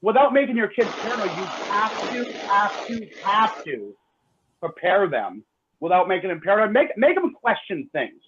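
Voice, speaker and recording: A man co-hosting a radio talk show in casual chat, animated, repeating words to drive points home. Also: high voice, normal speed, noisy background. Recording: muffled lo-fi line.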